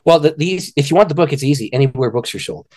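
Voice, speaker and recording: A middle-aged man, an author and ministry director, telling a personal story in an interview with lively delivery and frequent laughter. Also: fairly high pitch, fast talker. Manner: lively, laughs often, acts out voices in stories.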